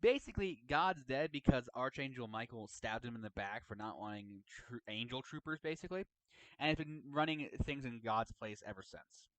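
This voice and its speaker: A man's voice: medium pitch, lively intonation, moderate pace, a bit bright, no echo, low-quality recording. A man hosting a casual chat about his roleplay story. He rambles and often tags his sentences with "right?". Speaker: host and storyteller.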